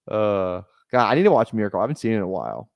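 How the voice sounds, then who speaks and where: A man's voice: fairly low pitch, gravelly, dry recording, dull audio. A young man from Minnesota chatting casually on a live stream, rambling and joking with many restarts. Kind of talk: casual live-stream chat while drafting.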